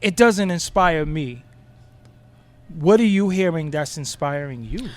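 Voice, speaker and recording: A man's voice: fairly high pitch, unhurried. A man hosting a casual chat show, joking and telling stories in a playful, boastful way. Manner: playful, boastful, animated storytelling. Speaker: host.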